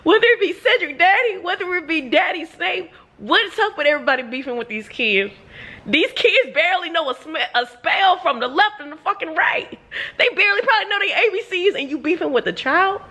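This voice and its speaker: Animated, bright-voiced woman vlogger. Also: very high-pitched, fairly quick. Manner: animated, profane, exclamatory chatter addressed to viewers. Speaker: book vlogger. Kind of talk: casual reading reaction vlog.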